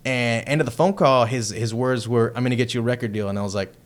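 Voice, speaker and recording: Profane, excitable man telling a story. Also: mid-range voice, quick pace. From Texas, United States. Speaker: heavy metal band member, podcast guest. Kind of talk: casual storytelling chat.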